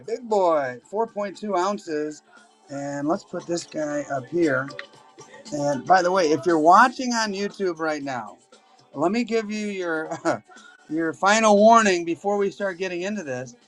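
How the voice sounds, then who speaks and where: Man hosting a live coin auction, excitable and gushing, slightly high voice, soft music underneath. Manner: excited, exclaiming over coins. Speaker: livestream auction host.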